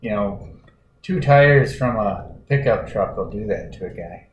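A man co-hosting a casual chat, talking in a relaxed, rambling way with fillers. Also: lowish voice, unhurried, muffled recording. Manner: laid-back, rambling with fillers. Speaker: podcast co-host. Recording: roomy echo, faint noise.

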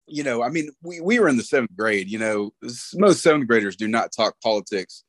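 A man's voice: mid-range voice, animated, brisk, a bit bright, no echo. A middle-aged man talking casually about a late friend, rambling with lots of fillers. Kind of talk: casual conversation.

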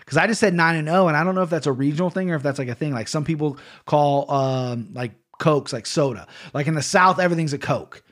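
Ohio guy on his betting podcast, kinda high voice, rambles and swears, keeps correcting himself. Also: quick pace, hardly any pauses, a bit bright. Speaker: podcast host picking fight bets. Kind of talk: casual betting podcast chat.

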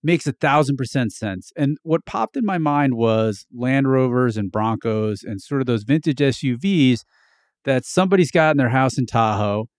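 A man's voice: mid-range voice, expressive, moderate pace, no room sound, studio quality. A man hosting an interview podcast, talking casually and chattily, often nodding along with short agreements. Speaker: podcast host. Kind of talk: interview conversation.

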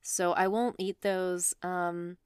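Woman podcast cohost, smooth voice, kinda out of breath, playful chatty vibe. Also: lowish voice, little pitch movement, takes it slowly, darkish tone, no echo, studio quality. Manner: chatty, playful, laughs easily. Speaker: astrology podcast co-host. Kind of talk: casual podcast chat. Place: room with open door during rainstorm.

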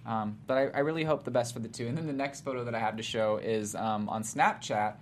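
A woman's voice: a bass voice, fast. A woman co-hosting a casual celebrity gossip chat, chatty with lots of fillers. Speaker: co-host. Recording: faint background noise.

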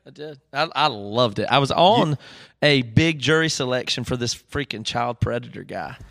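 A man's voice: mid-range voice, expressive, moderate pace, vocal fry, a bit bright. A man co-hosting a podcast, casually telling a rambling story full of fillers and acted-out quotes. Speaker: podcast co-host.

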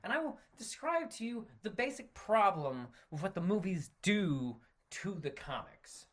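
A man from the United States rants on his solo podcast, his high-pitched voice very animated and a bit bright, though his pace stays measured. He swears a lot, frequently trailing off to correct himself and begin again.

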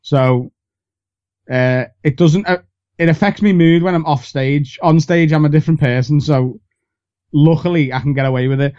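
A man's voice: on the high side, normal speed, a little mellow, muffled recording. A young man with a Liverpool accent, a comedian chatting candidly as a podcast guest, rambling and self-deprecating. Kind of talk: casual podcast chat.

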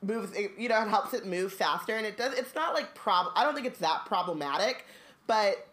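A woman co-host talks things through in a musing, rambling way, with plenty of fillers. Her voice sits in a middle pitch and sounds plain. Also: animated, moderate pace, fairly bright tone. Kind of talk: casual chat and reading a book aloud.

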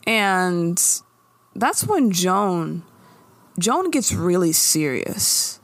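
A woman recaps a show in casual chat, her pitch sitting a bit low but swinging widely as she acts out lines. The sound is dry and close. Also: very slow, dry recording. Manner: animated storytelling, acting out characters' lines with laughs. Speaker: podcast co-host recapping a TV episode.

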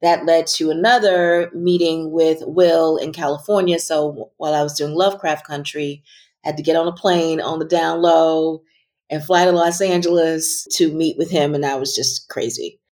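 Woman, middle-aged, low voice, reflective and sincere interview guest. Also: fairly even intonation, normal speed. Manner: earnest, thoughtful, trailing off softly at times.

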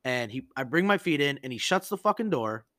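A man hosting a podcast, telling stories in a casual, animated and profane way and acting out the people he quotes. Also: mid-range voice, brisk, no echo. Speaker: podcast host. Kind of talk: casual storytelling chat.

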